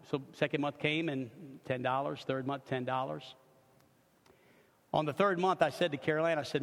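High-voiced animated male preacher, echoing hall. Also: quick pace. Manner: animated, swinging from loud emphatic bursts to hushed low narration; humorous asides, repeats words when building a point. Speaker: pastor. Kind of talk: sermon with personal storytelling. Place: church sanctuary. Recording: long reverb of a church hall.

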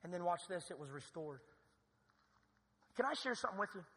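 A male pastor preaching a sermon in a church, building to loud, emphatic cries. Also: high-pitched, very animated, a little fast, breathy edge, long reverb tail. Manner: preaching with rising, shouted emphasis. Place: church sanctuary.

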